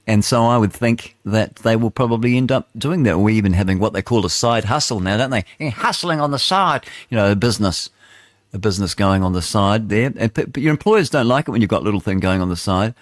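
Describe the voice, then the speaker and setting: A man's voice: on the low side, quick pace, dry recording, studio quality. A middle-aged man with a New Zealand accent, hosting an opinionated talk radio show in a rambling, conversational way full of asides. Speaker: radio host.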